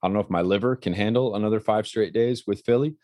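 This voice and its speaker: A man in his thirties with a low, deep voice tells a story with animation on a casual talk show. The sound is dry and close, with no room around it. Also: fast talker, no echo. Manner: animated storyteller, acts out quotes. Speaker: podcast co-host and color commentator.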